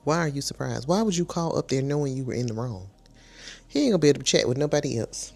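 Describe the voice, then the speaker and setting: A woman's voice: rumbling low, lively intonation, quick pace, creaky, darkish tone. Chatty woman recapping reality TV. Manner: chatty, slangy, scolds the people on the show. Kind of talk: casual recap commentary.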